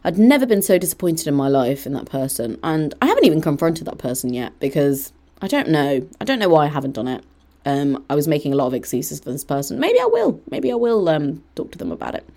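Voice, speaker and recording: Young female podcast host, a touch low-pitched, chatty and animated, recording from her bedroom. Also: quick pace. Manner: animated, mimics others in quoted lines. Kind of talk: casual storytelling monologue. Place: bedroom at home.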